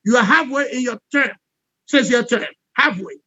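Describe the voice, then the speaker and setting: Fiery high-voiced man. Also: moderate pace, pushed and bright, dry recording. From Liberia. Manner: emphatic, repetitive, punctuates points with "all right?". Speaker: interview guest, peace expert. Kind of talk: impassioned political commentary. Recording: dull lo-fi dry sound.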